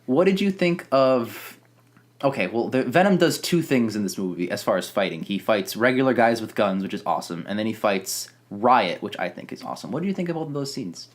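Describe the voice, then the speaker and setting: An animated young man in casual conversation, talking eagerly about a film. His voice climbs and drops a lot as he gets excited, and he keeps overlapping his co-host. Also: lowish voice, a little fast. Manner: enthusiastic, talks over his co-host, many fillers. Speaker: movie reviewer. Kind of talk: casual chat.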